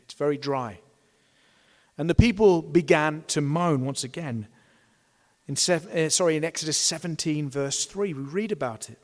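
A man preaching a sermon with a fairly high voice, earnest and full of rhetorical questions. He acts out complaining voices by pitching up. The recording carries a long hall reverb. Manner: earnest, rhetorical questions, voices the grumbling crowd in raised tones.

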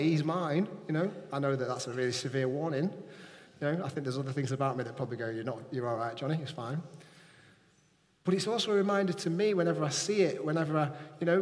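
A pastor with a fairly high, slightly mellow voice preaches in a church hall, his words echoing with a long reverb. He keeps his congregation engaged by putting questions to them and making sure they're following.

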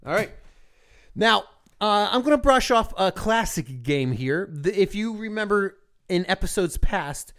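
A man's voice: sits high, animated, measured pace, a bit bright, clear, resonant tone, soft background music. A man co-hosting a podcast in casual chat, joking and swearing loosely. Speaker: podcast co-host.

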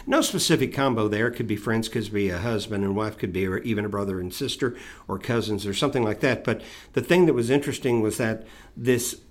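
A man from Tennessee and North Georgia co-hosting a casual talk, explaining things in drawn-out stories. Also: fairly low pitch. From Tennessee and North Georgia, United States. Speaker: co-host. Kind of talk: casual chat.

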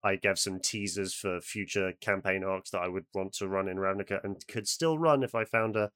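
Low-voiced man telling gaming stories. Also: brisk, a bit bright, clear, resonant tone, no room sound, clean studio sound. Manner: eager, rambling storyteller. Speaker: podcast co-host and game master. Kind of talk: casual chat.

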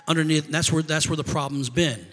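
A calm, knowing stranger speaks in a steady, assured way, as a man telling a story quotes him. The voice sits a little high. A long reverb trails after it. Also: quick pace, natural voice.

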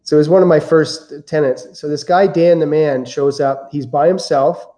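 A man as a podcast guest, telling stories in a lively, amused way. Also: fairly high pitch, normal speed. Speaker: guest real estate investor. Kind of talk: casual storytelling.

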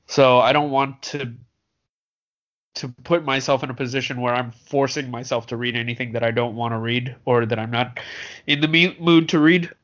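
A man's voice: medium pitch, steady tone, moderate pace, a bit bright. A man co-hosting a podcast in casual chat, dry and wry with mock-formal phrasing. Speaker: podcast co-host. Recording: dull lo-fi sound.

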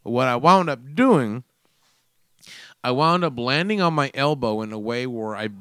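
A man in his forties with a smooth, resonant voice tells a rambling, profanity-laced story. He acts out his own mishap with lively energy. The sound is dry and close. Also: medium pitch, moderate pace, dry recording. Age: 40s. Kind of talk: casual storytelling chat.

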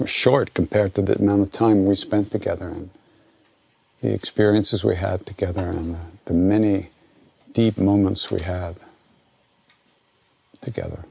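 Older American male teacher, gravelly low voice, loose rambling delivery, dry close recording. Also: unhurried, long pauses, dry recording. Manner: relaxed, conversational, self-interrupting. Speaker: spiritual teacher answering questions. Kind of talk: informal spoken Q&A teaching.

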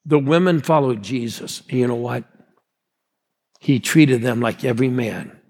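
A man's voice: mid-range voice, measured pace, darkish tone, slightly rough. A man in his sixties preaching a sermon as a pastor, rousing and calling out to the congregation. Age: 60s. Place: large church hall. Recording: long hall reverb.

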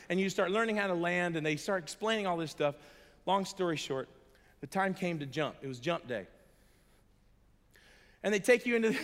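Earnest preacher man in an echoey hall. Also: high-pitched. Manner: earnest, emphatic, swings between soft and loud, chuckles as he tells stories. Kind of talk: sermon with personal storytelling. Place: large hall before an audience. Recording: long echoey hall reverb.

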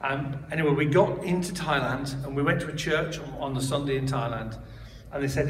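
A man's voice: medium pitch, steady tone, brisk, slight background noise. A man giving a personal testimony, told in a conversational way with frequent restarts and asides. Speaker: church member giving testimony. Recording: roomy hall, speaker far from mic.

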